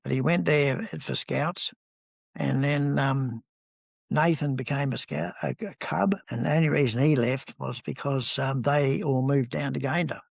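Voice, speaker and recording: A New Zealand man in his seventies, appearing as an interview guest, tells rambling, anecdotal stories with many ums in relaxed conversation. His medium-pitched voice is steady, unhurried, creaky and breathy-edged, and the recording is dry.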